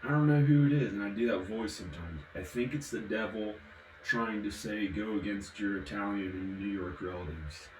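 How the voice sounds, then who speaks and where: A man's voice: fairly low pitch, moderate pace, roomy sound, a little hiss or hum, rough recording. A man from the American South, vlogging casually while drinking, rambling and giggling from one topic to the next.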